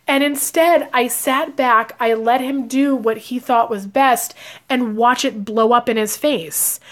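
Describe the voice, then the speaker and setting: A psychic and life coach, whose voice is a little high and fairly bright, talks to camera in a chatty advice session for her audience. Lots of fillers come through, along with acted-out quotes.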